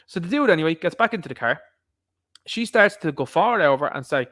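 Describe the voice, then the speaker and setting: A man's voice: a little high, lively intonation, fast talker, a bit bright. A man hosting an opinion podcast, ranting and mocking the people he quotes. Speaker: podcast host. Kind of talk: opinion commentary monologue.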